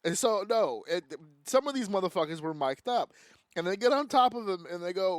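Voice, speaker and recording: A man co-hosting a casual podcast, excitable and profane, acting out scenes as he laughs through his stories. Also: high-pitched, fairly quick, no echo, clean studio sound. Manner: excitable, swears freely, acts out scenes while laughing. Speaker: podcast co-host.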